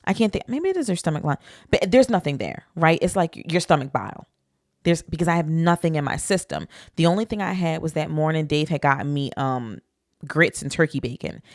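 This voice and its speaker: A young woman podcast host, telling a story in an animated, profane, casual way. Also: deep voice, dry recording, clean studio sound.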